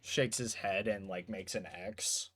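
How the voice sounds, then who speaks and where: A man narrating a tabletop role-playing game as game master, in a casual, animated way. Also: fairly low pitch, measured pace, slight background noise.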